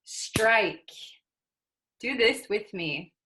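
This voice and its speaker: Lady teaching english words super slow, spells stuff out, mid pitch. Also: lively intonation, noisy background. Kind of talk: vocabulary lesson for learners.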